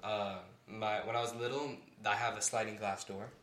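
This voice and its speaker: A man's voice: lowish voice, steady tone, moderate pace, fairly bright tone. A young man, a musician guest, chatting casually and rambling on a podcast, laughing often. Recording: echoey room, faint noise.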